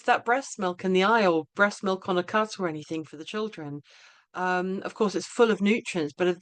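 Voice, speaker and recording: A woman's voice: on the low side, no echo. A middle-aged woman, hosting a podcast and telling rambling stories in casual chat. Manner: chatty, rambling anecdotes. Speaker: podcast host.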